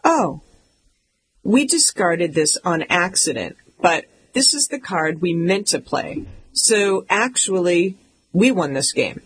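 A woman voicing a calm, cool, self-satisfied younger brother in a read-aloud story. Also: lowish voice, takes it slowly, a little hiss or hum. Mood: smug calm.

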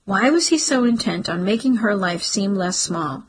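A woman narrating a novel as an audiobook in a wry, even storytelling manner, with a husky, breathy voice. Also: mid-range voice, moderate pace, low-quality recording. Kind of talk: scripted narration.

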